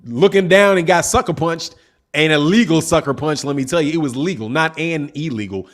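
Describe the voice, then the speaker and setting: A man's voice: on the high side, a little fast. A man hosting a casual boxing livestream, reading chat messages and talking in laid-back slang. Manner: laid-back slangy talk, says man and dog often. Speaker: boxing channel host.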